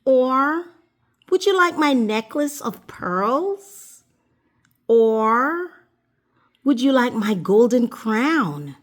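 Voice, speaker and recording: A young storybook princess who offers her treasures in a sing-song, emphatic way, her voice rising and falling widely, as a woman reader plays her. She speaks slowly and with care. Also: a little high, big pitch swings, heavily acted. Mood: pleading. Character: young spoiled princess, tearful then careless.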